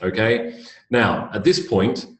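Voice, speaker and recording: A British man with a low, deep voice teaches an English pronunciation lesson. He speaks clearly and deliberately and spells words out letter by letter. The room is roomy and echoey. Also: animated, fairly bright tone. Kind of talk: recorded lecture. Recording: roomy echo.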